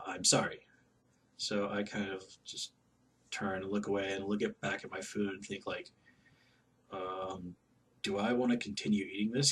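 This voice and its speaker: A man telling a personal story in a casual, halting way, with many fillers and restarts. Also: on the low side, a bit bright, distant mic, slight background noise. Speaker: vlogger.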